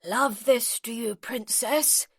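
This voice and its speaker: A woman's voice: takes it slowly, dry recording, studio quality. A woman voicing a brooding, growling male earl. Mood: sultry. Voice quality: low growling rasp. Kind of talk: audiobook character voicing.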